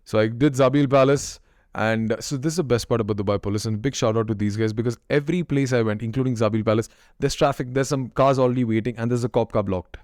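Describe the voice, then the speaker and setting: Male podcast guest, casual, animated storyteller, mid pitch, dry close recording. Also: fast, no room sound. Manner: animated, slangy, full of "you know" and "dude".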